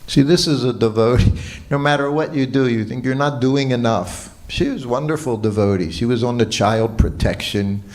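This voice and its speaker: A man giving a morning lecture at a temple, telling a personal story in a relaxed way and quoting what people said. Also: mid-range voice, normal speed. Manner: relaxed anecdotal storytelling with quoted dialogue. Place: temple hall.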